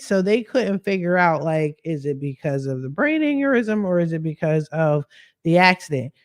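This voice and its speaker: A woman's voice: lowish voice, a little mellow, no echo, clean studio sound. A woman hosting a podcast, telling a story casually and animatedly, with slang and swearing. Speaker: podcast host.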